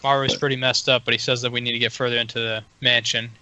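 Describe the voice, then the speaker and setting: A man's voice: medium pitch, flat delivery, fast talker, pushed and bright, rough recording. A man playing a tabletop role-playing game, giving orders for his character. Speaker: player. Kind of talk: casual tabletop play.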